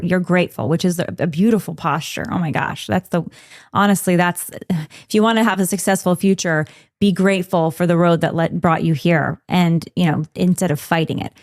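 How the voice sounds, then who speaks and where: A woman's voice: on the low side, a little mellow, no room sound, studio quality. A woman hosting a podcast interview, asking questions in an affirming, conversational way. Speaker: podcast host.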